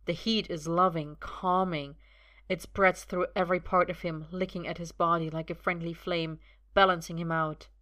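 Low, bright-toned woman narrating a story. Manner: steady, expressive storytelling. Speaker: reader. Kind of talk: audiobook narration.

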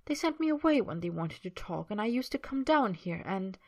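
A woman voicing a proud, nervous young man, sulky and quick to bristle. He talks in hushed, defensive bursts from a story read aloud. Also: mid-range voice, sing-song. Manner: hot-tempered, sulky, whispering urgently.

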